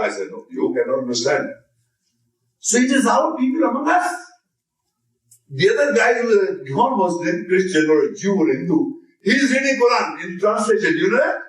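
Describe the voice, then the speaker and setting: A man lecturing on religion with emphasis, his voice sitting a little high. He slips into the voices of imagined people and recites Arabic verses now and then. The sound is roomy and echoey, picked up from some distance off the mic. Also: very animated, brisk.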